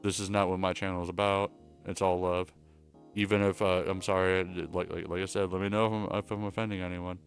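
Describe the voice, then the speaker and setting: A man's voice: deep voice, level tone, brisk, faint music behind. A man streaming from home, chatting casually in a rambling, crude, joking way. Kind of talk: casual livestream chat.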